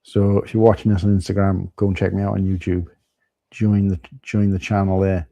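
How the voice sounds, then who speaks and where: A man's voice: sits low, little pitch movement, fairly quick, vocal fry, mellow, no echo, highs cut off. A man with a Welsh accent, chatting casually with viewers as host of a live stream, calling them mate.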